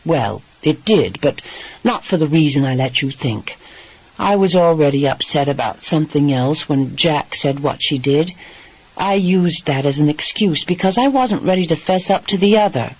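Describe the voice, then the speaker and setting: A man voicing a stubborn, hedging young American wife in an audiobook, defensive and quick to argue. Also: fairly high pitch, lively intonation, rough recording.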